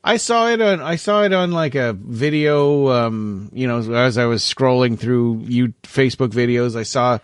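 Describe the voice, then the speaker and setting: A man co-hosting a podcast in casual chat, agreeable and quick to affirm. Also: mid-range voice, smooth, dry recording. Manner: agreeable, frequent affirming "yeah"s, easygoing. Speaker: podcast co-host.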